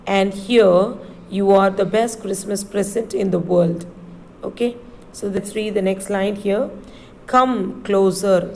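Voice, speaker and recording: A woman teacher, reading a textbook passage aloud slowly and spelling each word letter by letter for a class. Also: medium pitch, darkish tone, slight background noise, rough recording. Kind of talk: slow reading lesson, spelling words letter by letter.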